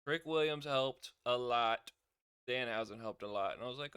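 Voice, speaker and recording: Bright, crisp-voiced young man. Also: mid-range voice, normal speed, no echo, studio quality. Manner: chatty, laughs often, acts out quotes. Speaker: wrestling reviewer. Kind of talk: casual show review.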